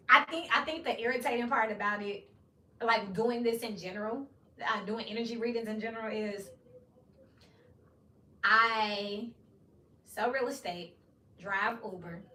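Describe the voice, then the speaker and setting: A blunt, cursing woman talks through a casual tarot reading. Her voice is bright and forceful. She sits well back from the mic in a roomy, echoing space with a faint hiss behind her. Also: medium pitch. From Memphis, USA. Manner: blunt and profane, with frequent "you know what I mean". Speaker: tarot reader. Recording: roomy echo, distant from mic.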